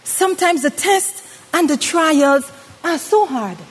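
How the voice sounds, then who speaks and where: A woman delivers a sermon in a high, animated voice, acting out a story with dramatic swings between loud outbursts and hushed asides. Her words ring out with a long reverb, as in a church hall. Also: slow, faint music behind. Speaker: preacher. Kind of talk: sermon with acted-out anecdote.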